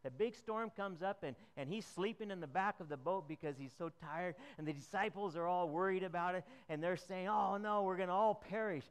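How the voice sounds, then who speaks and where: A man's voice: sits high, a little fast, few pauses. A man preaching a conversational sermon, asking the congregation questions and chuckling as he retells the story.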